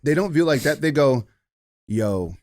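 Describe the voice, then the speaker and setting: A man's voice: fairly high pitch, fast talker, a little mellow. A man hosting a podcast, talking candidly and bluntly in casual conversation, with frequent profanity and restarts. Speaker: podcast host.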